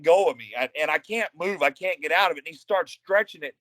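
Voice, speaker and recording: Dry-miked retired wrestler from Texas. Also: male voice, a little high, fast talker, no echo, low-quality recording. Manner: profane, animated anecdotes. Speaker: retired pro wrestler, guest. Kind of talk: casual storytelling.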